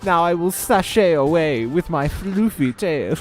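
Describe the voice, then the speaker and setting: A man's voice: on the high side, animated, unhurried, faint music behind, pitched above the performer's own voice. A man voicing a big, brooding male beast who talks in a theatrical, pompous way. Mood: grand, theatrical.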